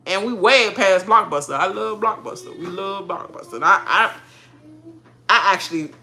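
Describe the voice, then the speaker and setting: A woman hosting a reality show reaction, ranting in casual chat, animated and often laughing. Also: medium pitch, normal speed, slight background noise. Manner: animated, laughing, mocking quoted voices.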